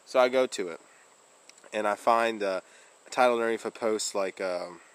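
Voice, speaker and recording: A man's voice: on the low side, moderate pace, clean tone, poor audio. A man vlogging casually, rambling through a story with fillers, restarts and laughs.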